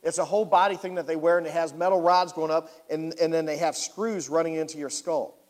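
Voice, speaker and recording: Man, pastor, sermon storytelling, animated, longish reverb. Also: fairly high pitch, brisk. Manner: animated, talks to the congregation directly. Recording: long hall reverb.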